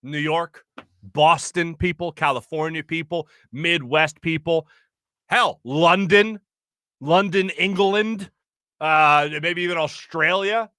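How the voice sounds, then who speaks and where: A young man from Philadelphia hosts his own sports show from a studio, chatting loosely and upbeat with lots of fillers. His voice sits a little high and sounds bright and forceful. The sound is close and dry, with no room around it. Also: slow, clean tone, dry recording. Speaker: sports talk show host. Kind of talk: solo sports talk show, casual chat.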